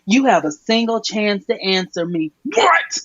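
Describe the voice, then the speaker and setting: A woman's voice: mid-range voice, very animated, a little slow, a bit bright, breathy edge, dry recording, dull audio, heavily acted. A woman reading as a cruel witch villain. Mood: threatening. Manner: cold, threatening. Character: cruel female witch villain threatening a family.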